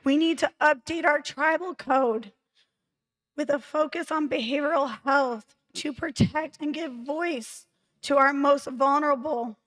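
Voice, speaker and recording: A hoarse woman, a candidate for vice chair, giving a measured, formal campaign speech at a tribal council meeting. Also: high voice, a bit bright, rough recording.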